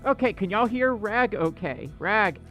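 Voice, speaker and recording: A male livestream host chatting casually with viewers, excitable and self-deprecating. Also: high voice, measured pace, soft background music.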